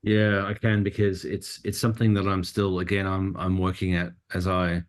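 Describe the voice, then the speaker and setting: Deep-voiced man thinking aloud. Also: normal speed. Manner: relaxed, thinking aloud with many restarts. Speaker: cinematographer guest. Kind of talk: conversational interview.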